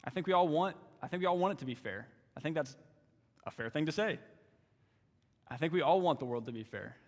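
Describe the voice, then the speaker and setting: A young man giving a sermon as a youth ministry intern, emphatic and repetitive, often dropping into quieter asides. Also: on the high side, expressive, fairly quick. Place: church sanctuary. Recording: long church hall reverb.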